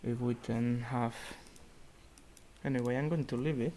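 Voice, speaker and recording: Young male student leading an online fund meeting; unhurried, hesitant, thinks aloud. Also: mid-range voice, steady tone, mellow, slight background noise. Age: young adult. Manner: halting, thinking aloud with many fillers. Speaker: student investment society organiser. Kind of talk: virtual meeting portfolio review. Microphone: computer mic on a video call.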